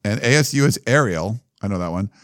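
A man's voice: on the low side, lively intonation, fairly quick, a bit bright, no echo, studio quality. A man co-hosting a casual sports podcast, reading out jokey comparisons with fillers along the way. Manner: reads jokey comparisons aloud with fillers and laughs. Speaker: podcast co-host.

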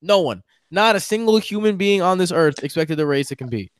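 High-pitched new york guy on a sports pod, gets fired up and cursing, dry mic. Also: animated, fairly quick, clean tone, no echo. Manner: fiery, ranting, swearing fan. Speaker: podcast co-host. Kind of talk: casual sports chat.

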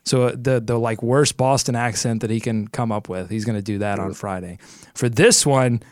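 A man's voice: medium pitch, steady tone, normal speed, no room sound, clean studio sound. A man hosting a sports podcast, reading an ad and chatting in an upbeat, jokey way while thinking aloud. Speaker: podcast host. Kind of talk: casual sports podcast chat and ad read.

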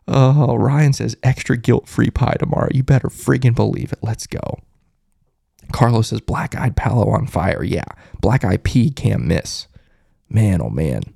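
A man hosting a live fan postgame stream, excitedly reading viewer comments aloud. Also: medium pitch, gravelly, dry recording, clean studio sound. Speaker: host of a fan postgame show.

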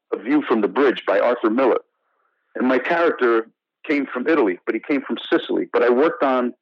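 A man from the United States talks through his career as an interview guest, animated and full of restarts. His voice sits at an ordinary pitch. The audio is dry and a bit dull, like a remote call. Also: dry recording. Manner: animated storyteller, many restarts and "you know". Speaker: actor guest. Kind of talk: casual interview storytelling.

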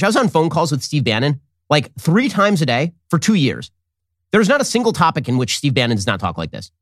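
A man hosting a political commentary show, delivering a sarcastic, animated monologue into a studio mic. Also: fairly high pitch, dry recording. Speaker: host.

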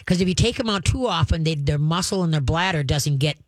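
A woman's voice: low voice, lively intonation, brisk, dry recording. Brief: woman radio host, dog trainer, folksy and emphatic, dry studio sound. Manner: folksy, emphatic, laughs often. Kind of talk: call-in radio advice.

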